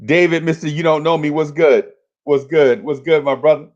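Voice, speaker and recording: A man's voice: a little high, fairly even intonation, moderate pace, a little mellow, highs cut off. A man hosting a fan livestream, talking casually and hyping up his chat in repetitive, slangy calls.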